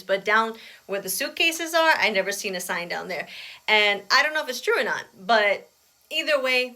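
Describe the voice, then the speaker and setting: Aggrieved woman vlogger, bright voice. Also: mid-range voice. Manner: chatty, aggrieved retelling full of "I was like". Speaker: vlogger recounting an airport experience. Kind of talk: casual storytelling vlog.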